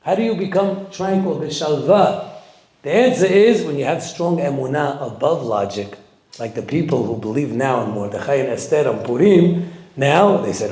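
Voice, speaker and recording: A man giving a sermon as a rabbi, telling the story with lively acted-out quotes and Hebrew terms. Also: mid-range voice, moderate pace. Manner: animated storytelling, acting out quoted voices; sprinkles Hebrew and Yiddish terms. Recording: echoey room.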